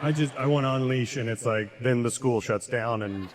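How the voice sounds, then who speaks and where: A man in his thirties or forties doing stand-up comedy, teasing himself and breaking into high, squeaky voices for the people in his stories. His voice has a middle pitch and rings with the long reverb of a large hall. He has a loose, conversational delivery. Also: moderate pace, a little hiss or hum. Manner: self-deprecating, jumps into high-pitched voices for quoted people.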